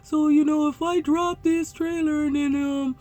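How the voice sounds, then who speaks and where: A woman's voice: high voice, steady tone, a little slow, mellow, voice pushed up. A woman voicing a clueless, whiny male truck driver in a raised, put-on voice while telling a story.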